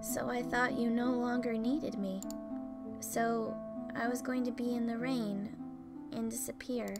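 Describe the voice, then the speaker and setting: A woman's voice: a little high, fairly even intonation, measured pace. Woman murmuring as a weak feverish young man. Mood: pleading. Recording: faint music behind.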